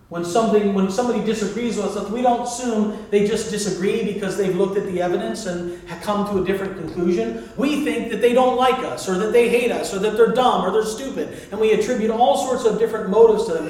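A man's voice: high-pitched, a little mellow. A man preaching a sermon as pastor, talking to the congregation in a conversational way and calling on them to respond. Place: church sanctuary. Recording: very echoey hall, mic far off.

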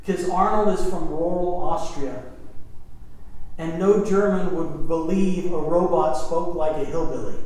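A man's voice: fairly high pitch, slow, long pauses, a little mellow, a little hiss or hum. A man in his fifties preaching a sermon as pastor, conversational, with asides and questions to the congregation. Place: church sanctuary. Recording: very echoey church room.

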